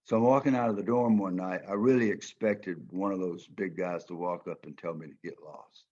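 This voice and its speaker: An older former football player and coach from Georgia in the United States tells stories as a guest speaker, folksy and emphatic, in a Southern American accent. His voice sits low with a steady, darkish tone, moving a little fast, and the recording's highs are cut off.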